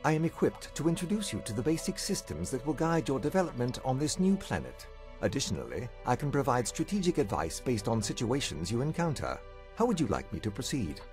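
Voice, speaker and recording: Sci-fi game AI advisor, male, formal and instructional with a lively pitch, an actor voicing it. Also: brisk, soft background music, close to an everyday voice.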